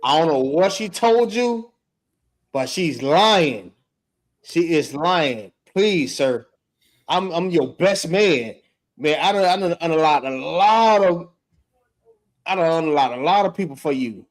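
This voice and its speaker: A man's voice: on the high side, animated, takes it slowly. A man voicing a desperate royal official who pleads for his life in slangy street talk. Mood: begging.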